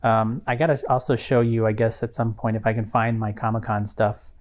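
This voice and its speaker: A man's voice: fairly low pitch, little pitch movement, brisk, darkish tone. A man co-hosting a podcast, telling a story in casual chat, rambling with many fillers and restarts. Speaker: podcast co-host.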